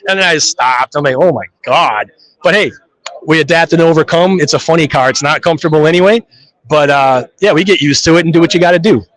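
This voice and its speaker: Animated drag racer telling stories. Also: male voice, a little high, fast, low-quality recording. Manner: animated storyteller who acts out his own reactions. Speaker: funny car drag racer. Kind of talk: live trade show interview.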